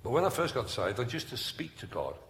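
Lively male preacher. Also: medium pitch, fairly quick, a little hiss or hum. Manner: animated storytelling, jokes and asides. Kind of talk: humorous sermon at a conference. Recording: echoey hall recording.

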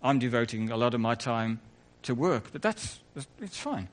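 A man's voice: mid-range voice, very animated, normal speed. A man preaching a conversational sermon in church, full of asides and self-corrections.

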